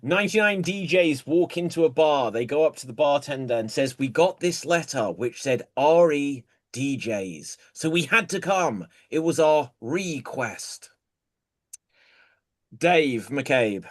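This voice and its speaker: A man's voice: on the high side, lively intonation. A man hosting an improv comedy game, calling on players by name and telling his own bar jokes in a casual way. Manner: unhurried, calls on players by name.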